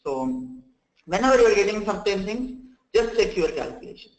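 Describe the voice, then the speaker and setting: Man trainer, high voice, roomy echo, walks students through step by step, says okay and friends a lot. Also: big pitch swings, moderate pace. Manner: explanatory, repeats "okay" and "friends", many restarts. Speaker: software trainer. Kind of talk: live online training session.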